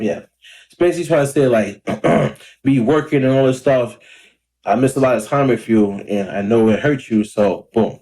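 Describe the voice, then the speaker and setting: A man in his thirties chatting casually to camera in a rambling, laid-back way, a little hoarse and clearing his throat often. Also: medium pitch, normal speed, dark tone. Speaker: independent rapper and vlogger. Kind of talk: casual talking-to-camera vlog. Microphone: camera or phone mic.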